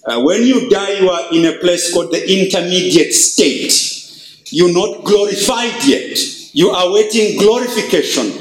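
A male pastor preaching a sermon, stressing key words with slow, drawn-out emphasis. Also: high-pitched, expressive, reverberant, rough recording.

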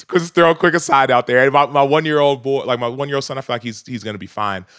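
A man's voice: medium pitch, fast talker, fairly bright tone, clean tone, no echo. Guy in his 30s on a podcast, earnest and thoughtful, laughs a lot, dry close sound. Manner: earnest, reflective, laughs often. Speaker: podcast guest. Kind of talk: casual podcast conversation.

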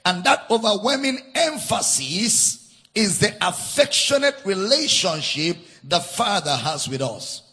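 A man's voice: high-pitched, pushed and bright, slightly rough. A man preaching a sermon at a church camp meeting, stressing and repeating key phrases and spelling out words for note-takers. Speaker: pastor.

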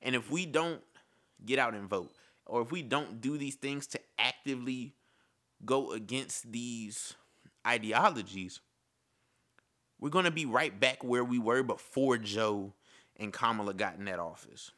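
A man's voice: medium pitch, measured pace, pushed and bright. A man giving an impassioned casual monologue, repeating his points and calling the listener "bro". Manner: impassioned, repetitive, says "bro".

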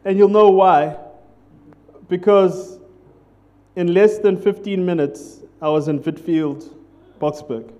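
A man's voice: high voice, slow pace, darkish tone, dull audio. A man preaching a sermon as pastor, in a conversational, jokey way, often putting questions to the congregation.

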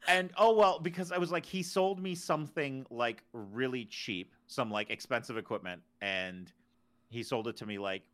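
A man's voice: medium pitch, normal speed, fairly bright tone. A man co-hosting a podcast, chatting casually and stumbling over repeated words as he starts sentences. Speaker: podcast co-host. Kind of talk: casual chat.

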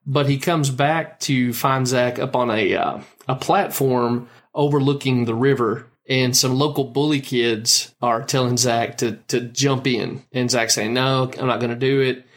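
A man hosting a podcast, telling stories in a lively way and laughing often. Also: medium pitch, measured pace, hardly any pauses. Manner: warm, laughs often, animated storytelling. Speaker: podcast host. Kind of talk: casual chat.

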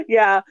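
Young woman, podcast co-host, loud and blunt, quick to laugh, dry and muffled recording. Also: on the high side, no echo. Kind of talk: casual chat. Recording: dry, dull lo-fi sound.

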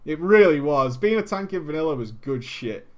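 A man casually telling a story to a live chat, animated and profane, laughing often and switching between loud bursts and muttered asides. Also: fairly high pitch, moderate pace. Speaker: streamer telling a gaming story.

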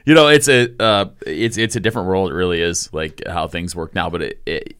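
Guy from saskatchewan telling a goofy story, lowish voice, dry close mic. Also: fairly quick, smooth, dry recording. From Saskatchewan, Canada. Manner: animated storyteller, laughs often, swears casually. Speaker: podcast guest, comedian. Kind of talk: casual storytelling chat.

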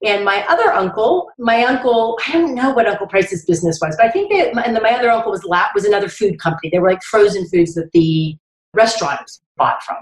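A woman's voice: mid-range voice, animated, brisk. A middle-aged woman from Florida, a podcast guest who talks chattily and laughs often as she reminisces. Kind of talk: conversational interview. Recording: roomy, echoey recording.

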